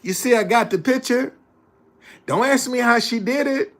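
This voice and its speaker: Indoors in a hot room, a man with a very high-pitched, fairly bright voice gives a motivational talk at normal speed. He preaches more than he talks, hammering home his main points by repeating them.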